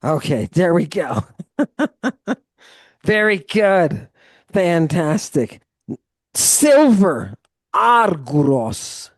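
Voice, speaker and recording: A man's voice: high-pitched, big pitch swings, extremely slow, long pauses, dry recording, clean studio sound. A man tutoring a student one-on-one through Greek vocabulary, explaining grammar at length and encouraging her. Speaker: Greek teacher. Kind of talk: live tutoring session.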